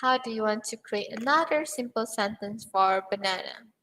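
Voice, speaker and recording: A woman's voice: a little high, moderate pace, pushed and bright, a little hiss or hum, rough recording. A young woman teaching English pronunciation in an online lesson, patiently repeating words for learners.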